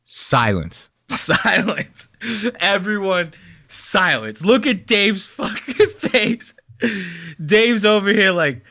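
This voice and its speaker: A man's voice: on the high side, sing-song, takes it slowly, pushed and bright, dry recording, studio quality. Ranting profane man in his thirties. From New Jersey. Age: 30s. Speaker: commentary host. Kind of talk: casual reaction commentary.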